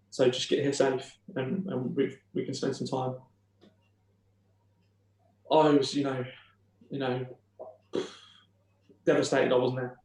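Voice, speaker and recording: Podcast guest, young man; flat, halting, emotional storytelling in a roomy space. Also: mid-range voice. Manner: halting, emotional retelling with many restarts. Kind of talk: personal storytelling.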